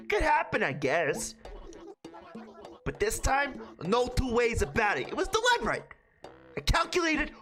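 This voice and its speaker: A grumpy, short-tempered male mole from a cozy life-sim game rants and scolds in a gruff tough-guy drawl, as a woman puts him on. His voice leaps all over, high and lively. Faint game music plays behind him. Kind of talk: reading game dialogue aloud in character.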